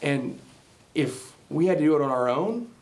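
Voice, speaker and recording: A man's voice: fairly high pitch, expressive, normal speed, a little mellow. A man speaking to a Bible class, retelling a film scene in a rambling, casual way to draw a moral. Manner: rambling, many fillers and restarts.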